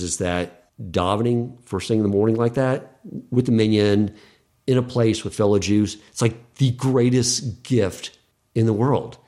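A man's voice: on the low side, darkish tone. A middle-aged man, a podcast guest, earnestly telling a personal story in casual conversation and acting out the dialogue he quotes.

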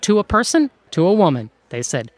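A woman who runs an outsourcing firm, telling stories in an interview in a lively way and laughing often. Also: fairly low pitch, brisk, dry recording. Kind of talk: conversational interview storytelling.

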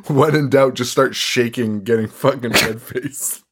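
A man's voice: mid-range voice, slow, background noise. Laid-back man swearing through a podcast recap. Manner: swears a lot, laughs often, rambling. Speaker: podcast host. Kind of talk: casual movie recap chat.

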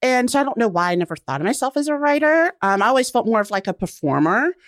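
A woman around forty, a guest on a casual radio interview, telling stories with lively acted-out quotes. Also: a little high, quick pace, no echo, studio quality. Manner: animated storyteller, acts out quotes. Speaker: guest, blogger.

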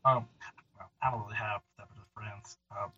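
A man's voice: lowish voice, steady tone, fairly quick, sharp tone, breathy edge, dull audio, pitched below the performer's own voice, exaggerated voice. A man voicing a boastful, lonely three-legged forest creature who talks in laid-back slang. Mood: chummy. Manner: laid-back slangy drawl, brags about speed.

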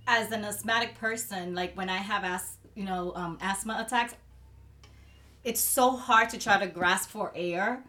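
A woman's voice: mid-range voice, measured pace, pushed and bright. A woman co-hosting a discussion podcast, talking in a heartfelt, emotional way. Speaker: podcast co-host.

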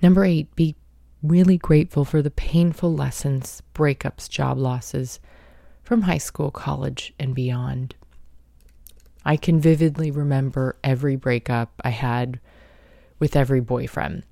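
A woman's voice: rumbling low, fairly even intonation, unhurried, creaky, mellow, no room sound, clean studio sound. A woman talking through life lessons and gratitude in an earnest, reflective self-help monologue. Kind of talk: motivational monologue.

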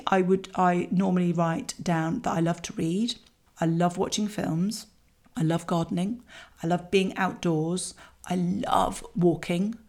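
Chatty woman coaching parents. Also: lowish voice. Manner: chatty and candid, with lively asides. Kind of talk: talking to parents about a child exercise.

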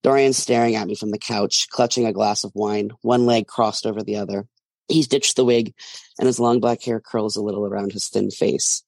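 Guy reading his own novel out loud, gravelly mid voice, dry close sound, steady pace. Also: lowish voice, moderate pace, no room sound. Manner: steady storytelling narration. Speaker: author reading his book. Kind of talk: first-person fiction reading.

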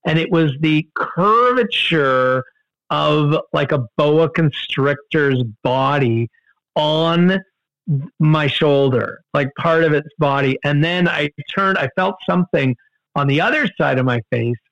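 A man telling a story in casual conversation, animated, with many fillers and restarts. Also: slow, no echo, highs cut off. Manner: animated, jumps in pitch for quoted outbursts, many fillers and restarts. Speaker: guest storyteller.

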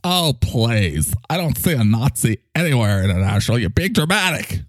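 A man's voice: mid-range voice, very animated, normal speed, no room sound, clean studio sound, voice pushed up, lightly acted. A man voicing Mike, a needy, jealous talking microphone with a whiny, clingy, sarcastic manner.

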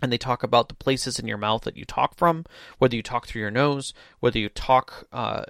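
A man's voice: medium pitch, brisk, vocal fry, fairly bright tone, no room sound. Man, second podcast host, keen and advising, mid-range voice, dry close mic. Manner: eager agreeing, then explains with firm advice. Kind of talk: casual chat.

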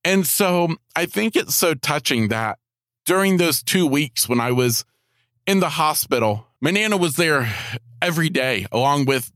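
A man hosting a podcast, telling a heartfelt personal faith testimony in a halting way, often repeating his words. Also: mid-range voice, a bit bright, no echo, clean studio sound. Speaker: podcast host.

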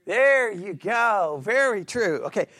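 A man's voice: high-pitched, animated, takes it slowly, bright, forceful tone, no echo, studio quality. A man teaching a Bible study class in a conversational, playful way, acting out sarcastic remarks and often checking "right?" with his listeners.

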